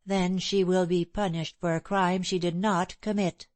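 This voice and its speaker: A possessive, scheming young woman lays out her terms in a slow, low voice, as a woman reading a novel puts her on. The reading is close and dry, with no room sound. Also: little pitch movement, darkish tone, no room sound, lightly acted. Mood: pressing.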